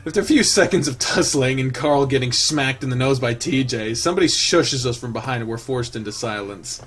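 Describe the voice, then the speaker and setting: A man's voice: medium pitch, brisk. A man reading a visual novel aloud and reacting with frequent laughter. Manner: laughs often, reacts loudly. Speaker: let's play host reading a visual novel. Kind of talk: casual game reading with reactions.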